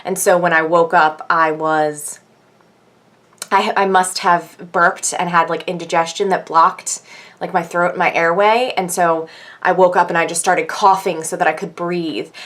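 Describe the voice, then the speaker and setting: A woman's voice: steady tone, a little slow, a bit bright. Chatty pregnant woman rambling. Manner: rambling, with frequent fillers and laughs; acts out quoted people in a higher voice. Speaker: vlogger. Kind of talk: casual chat.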